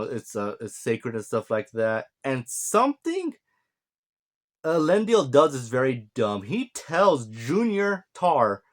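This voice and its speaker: Young male reviewer, rambling, sarcastic, offhand recap delivery, mid-range voice. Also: medium pitch. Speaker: video reviewer.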